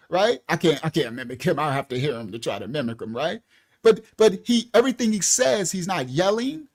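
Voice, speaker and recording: A man with a fairly high, very lively voice that swoops up and down as he explains. He talks colloquially in a casual teaching monologue and keeps checking in with his listeners. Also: fairly quick. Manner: animated, repeats "right?" and "listen clearly", colloquial. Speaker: ministry host teaching viewers.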